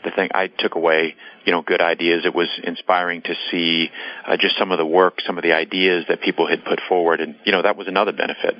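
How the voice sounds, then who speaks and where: Deep-voiced man hosting a podcast. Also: little pitch movement, quick pace, no room sound, dull audio. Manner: conversational, with some stumbles and repeated words. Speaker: podcast host. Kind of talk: interview hosting.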